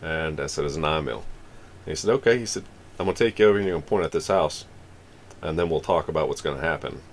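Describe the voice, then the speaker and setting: A man from Florida tells a long story on a livestream, casual and rambling, acting out the lines of the people in it. His pitch is extremely low and he talks quickly, with a little hiss or hum in the audio.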